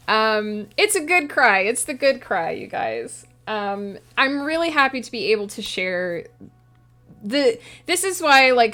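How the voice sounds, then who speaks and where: A woman talks to her livestream audience in an earnest, reflective way, often addressing viewers directly. She speaks at an ordinary pitch for a woman, with soft music playing faintly behind her. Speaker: streamer and writer. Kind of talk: casual livestream chat.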